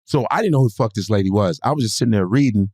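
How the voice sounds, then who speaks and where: A man's voice: fairly low pitch, very fast, husky, dry recording. A man, a comedian guest, telling a story in casual chat and acting out other people's lines in shifting voices. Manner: animated storyteller, acts out quotes in shifting voices, swears freely.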